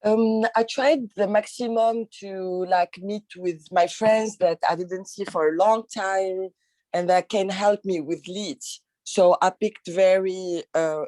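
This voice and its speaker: A woman's voice: fairly low pitch, a little mellow, dry recording. A woman taking part in a coaching call, answering politely and plainly. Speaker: real estate agent on a coaching call. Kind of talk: casual group call.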